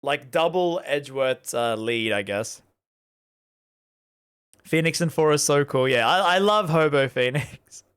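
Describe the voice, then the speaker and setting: Animated but a little slow, this man's voice is on the high side, a bit bright and clean, and he pauses often. He streams a game with casual, rambling let's-play chatter, addressing chat frequently and using plenty of fillers like "like."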